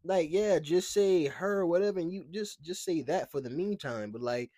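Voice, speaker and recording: A man's voice: high voice, moderate pace, mellow, no room sound. A man co-hosting a podcast, giving casual, slangy commentary on the news, joking around and stumbling over his words. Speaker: podcast co-host.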